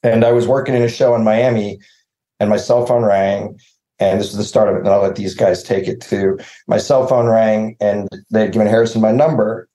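A man's voice: lowish voice, little pitch movement, a little fast, dark tone, roomy sound, low-quality recording. Rambling joking man on a video call. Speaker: series co-creator. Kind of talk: casual video-call interview.

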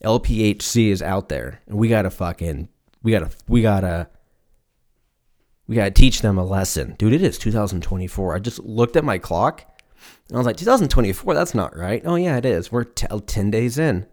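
A man's voice: lowish voice, lively intonation, normal speed, darkish tone. A young man in his twenties hosting a solo comedy podcast, rambling through profane tangents. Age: 20s. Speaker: podcast host.

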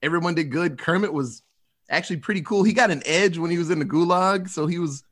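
A man with a slightly higher voice hosts a casual film chat. He rambles and fills his sentences with "like", and swears offhandedly. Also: fast talker, fairly bright tone. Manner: rambling, swears freely, lots of "like". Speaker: podcast host. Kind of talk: casual movie review chat.

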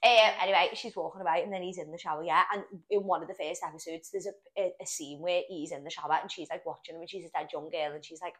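A woman's voice: lowish voice, steady tone, fast, few pauses. A young woman, rambling and swearing as she retells a story in a casual podcast chat. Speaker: podcast co-host.

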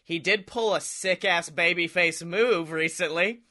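A man co-hosting a podcast in casual chat, animated, laughing often and acting out quotes. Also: high voice, measured pace. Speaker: podcast co-host.

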